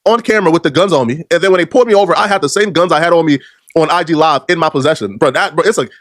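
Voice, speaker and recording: A man hosting a commentary video, talking in animated, mocking slang on a close, dry mic. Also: fairly high pitch, very fast.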